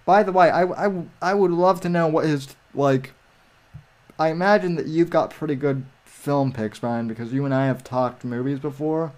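A man chatting casually on a livestream, rambling with frequent restarts and halting phrases. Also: a little high, darkish tone. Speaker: livestream guest. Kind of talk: casual chat.

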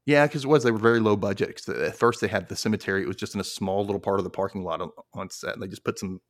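A man hosting a podcast, recapping an episode in casual chat, animated and quick to laugh. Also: fairly low pitch. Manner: animated storytelling, laughs often. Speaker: podcast host.

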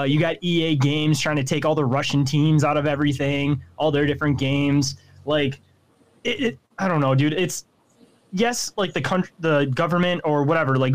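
A man hosting a podcast who talks in quick, indignant bursts, swearing and saying "like" and "dude" a lot. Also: on the high side. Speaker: podcast host. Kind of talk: casual podcast chat.

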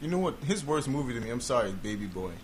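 A man's voice: medium pitch, very animated, racing, a little hiss or hum. A man in casual comedic chat on a podcast, mostly reacting with short remarks and questions.

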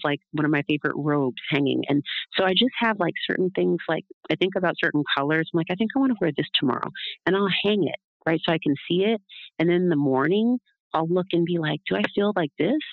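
A woman's voice: deep voice, gravelly, no room sound. A woman speaking as an interview guest in casual, rambling talk, often checking in with a tag question. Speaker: guest, doula. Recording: dull, lo-fi, dry.

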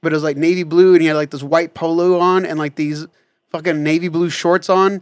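A man's voice: on the high side, steady tone, a little fast, clear, resonant tone, no room sound. A man in casual chat, telling a rambling, profane story about family.

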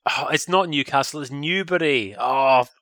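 A man's voice: a little high, moderate pace, sharp tone, no echo. A man chatting casually as a podcast co-host, chiming in with eager jokes. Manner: jokey, eager interjections. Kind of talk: casual chat about old British TV.

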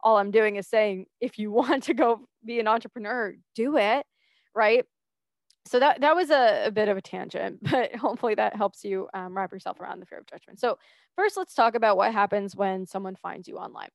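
A woman's voice: mid-range voice, a little fast, creaky, no echo, studio quality. A young woman hosting a solo podcast, talking casually and acting out her own past reactions. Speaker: podcast host and coach.

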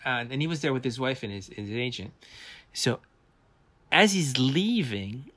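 Man, middle pitch, effects artist guest, casual stories, frequent restarts. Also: measured pace. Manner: animated storyteller with many restarts. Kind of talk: casual anecdotal interview.

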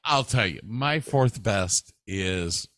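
A man co-hosting a casual chat, asking his partner questions at an unhurried pace. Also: fairly low pitch, lively intonation, fairly bright tone, dry recording, clean studio sound. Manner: leads with questions, slow and drawn out.

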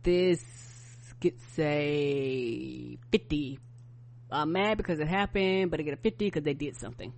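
A woman's voice: on the low side, fast talker, hardly any pauses, a little mellow. A woman co-hosting a podcast, talking emphatically in casual chat and backing up her co-host. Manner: emphatic, conversational, backs up co-host. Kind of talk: casual news-commentary chat.

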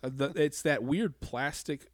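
A man's voice: on the high side, measured pace, dry recording, studio quality. A man co-hosting a podcast, chatting casually and acting out the people in his anecdotes as he tells them. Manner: animated storyteller who acts out the people in his anecdotes. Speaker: podcast co-host. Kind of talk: casual chat.

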